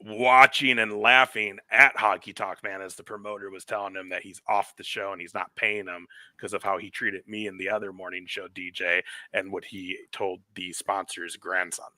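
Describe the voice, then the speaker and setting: A man's voice: low-pitched, little pitch movement, moderate pace, hardly any pauses, bright, forceful tone, no room sound, studio quality. A man co-hosting a podcast, chatting casually and telling rambling stories with heavy swearing. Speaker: podcast co-host. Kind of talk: casual chat.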